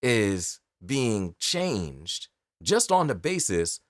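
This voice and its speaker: A man with a New York accent, a voice actor speaking to camera in an expressive, emphatic storytelling delivery. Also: fairly low pitch, drawn-out words, no room sound, clean studio sound. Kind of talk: direct-to-camera talk.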